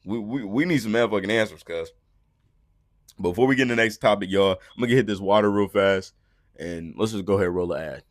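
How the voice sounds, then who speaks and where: A young adult man hosting a podcast, ranting profanely in a casual way and swinging between low mutters and loud outbursts. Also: fast, no room sound, clean studio sound. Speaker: podcast host. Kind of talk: unfiltered casual rant.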